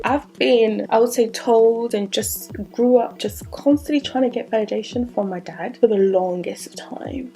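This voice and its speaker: A woman's voice: mid-range voice, lively intonation, normal speed, hardly any pauses, a little mellow, soft background music. A woman in her twenties chatting candidly through a Q&A vlog, drifting into asides as she talks. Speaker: vlogger. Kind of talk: casual Q&A vlog.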